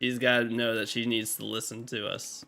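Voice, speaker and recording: A man's voice: mid-range voice, little pitch movement, moderate pace, vocal fry, bright, forceful tone. A man chatting casually on a live game stream, rambling with lots of fillers and restarts. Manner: rambling, filler-heavy talk with many restarts. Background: faint game music.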